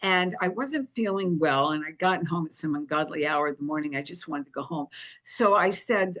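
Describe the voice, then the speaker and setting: An older woman, a guest on an interview show, telling her story in a lively, anecdotal way. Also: sits low, normal speed.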